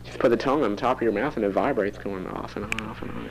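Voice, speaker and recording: A man's voice: lowish voice, very fast, background noise. A teenage boy rambling into a home cassette recorder for his audio diary, chatty and prone to giggling. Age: teens. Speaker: student keeping a tape diary.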